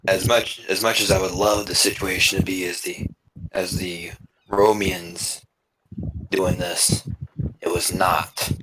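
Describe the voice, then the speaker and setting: A man playing in a tabletop role-playing game, speaking slowly with halting restarts. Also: low-pitched, level tone. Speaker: player. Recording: noisy home mic.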